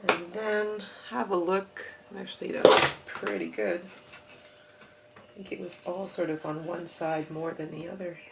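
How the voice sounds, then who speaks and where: Aussie lady chatting through a craft tutorial, low gravelly voice, kinda rambly. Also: fairly even intonation, measured pace, very noisy. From Australia. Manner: chatty, rambling, self-deprecating, with frequent fillers.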